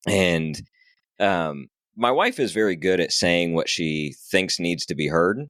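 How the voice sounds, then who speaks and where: Deep-voiced man telling a race story. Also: a little slow, no echo, studio quality. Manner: animated, acts out quoted dialogue, swears casually. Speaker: podcast guest, ultrarunner. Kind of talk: casual storytelling.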